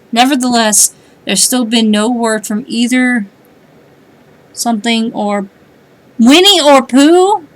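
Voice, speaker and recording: A woman streaming a game, chatting wryly, thinking aloud and reading on-screen text. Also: mid-range voice. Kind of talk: casual let's-play commentary.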